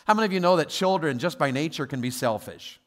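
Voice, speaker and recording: Animated preaching man, higher voice. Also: fast. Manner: animated storytelling with quoted voices, swinging from soft asides to loud exhortation. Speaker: guest pastor. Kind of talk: sermon.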